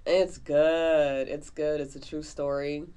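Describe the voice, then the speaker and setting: A woman's voice: low voice, little pitch movement, takes it slowly, warm tone, smooth. A woman co-hosting a podcast, chatting casually and animatedly about a film, full of fillers. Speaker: podcast co-host. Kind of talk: casual movie review chat.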